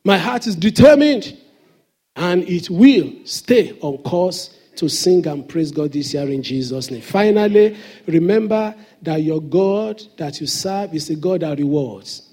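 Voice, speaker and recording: A man's voice: on the high side, animated, measured pace, warm tone. A man preaching a sermon as pastor in a church, with emphatic call-and-response questions to the congregation.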